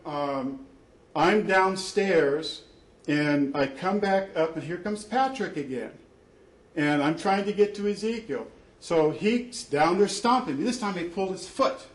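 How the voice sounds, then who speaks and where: A man, a father, gives an emphatic, repetitive personal account of a family fight, with many fillers. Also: fairly high pitch. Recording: echoey room.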